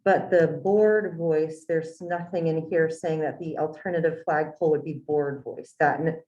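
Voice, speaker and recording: A woman with a low voice talks through options at a committee meeting, asking questions and thinking aloud, sometimes apologetic for interrupting. The recording is dull and lo-fi. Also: steady tone, normal speed, mellow. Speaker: committee member. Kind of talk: meeting discussion.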